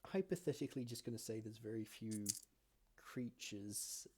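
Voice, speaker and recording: A man narrating as game master, giving relaxed, matter-of-fact rulings with soft fillers. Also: fairly low pitch, moderate pace, slight background noise. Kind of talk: narrating a tabletop game over a call.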